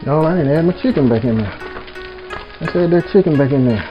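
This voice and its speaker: A man's voice: a little high, expressive, a little fast. Folksy man cooking at home. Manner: folksy, keeps addressing viewers as "y'all". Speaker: home cook, channel host. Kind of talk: casual cooking vlog. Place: home kitchen. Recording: dull lo-fi audio with music bed. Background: background music and sizzling pan.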